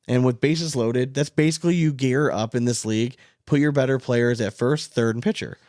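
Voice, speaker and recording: A man in his thirties chats casually as a podcast co-host, telling a story in a loose, rambling way with "like" in every other phrase. His voice sits at an average pitch, recorded close and dry with no room sound. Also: moderate pace, darkish tone, no room sound. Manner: rambling storyteller, heavy use of "like". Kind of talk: casual chat.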